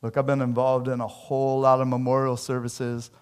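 A man's voice: mid-range voice, completely flat delivery, fairly quick, clear, resonant tone. A middle-aged man preaching a sermon as pastor in a conversational way, acting out quoted lines with shifts in voice.

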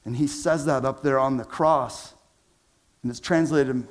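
A pastor delivers a sermon in a relaxed, chatty style full of slang, his voice swinging from loud emphasis down to hushed, low phrases. His intonation stays fairly even, and he takes his time.

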